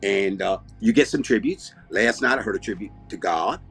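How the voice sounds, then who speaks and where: Rambling husky Southern-accented man. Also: lowish voice, moderate pace, soft background music. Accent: Southern US, Alabama. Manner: rambling, deadpan, self-interrupting. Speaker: comedy show host. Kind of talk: comic talk-show banter in character.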